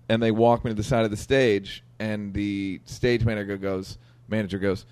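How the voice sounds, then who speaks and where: A man's voice: on the low side, flat delivery, normal speed, few pauses, smooth. A man comedian co-hosting a casual chat, telling stories emphatically and swearing freely. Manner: emphatic, profane storytelling. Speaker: comedian co-host.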